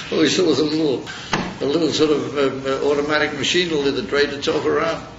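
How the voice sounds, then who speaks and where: A man teaching Chassidus in an informal Torah lecture, halting and searching for words as he tells a story. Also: on the high side, fairly even intonation. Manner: halting, searching for words, mixing Yiddish and Hebrew terms. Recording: roomy, dull, noisy recording.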